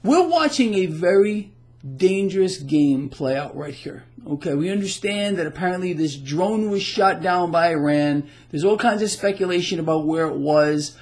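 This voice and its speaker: A man's voice: high voice, animated, normal speed, a little mellow. A man delivering heated solo market commentary, agitated and emphatic, often repeating himself as he rants.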